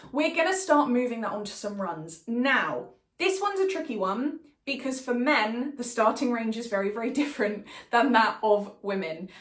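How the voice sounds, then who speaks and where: A young woman giving a singing lesson as a vocal coach, with calm, reassuring instructions. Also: on the high side, reverberant.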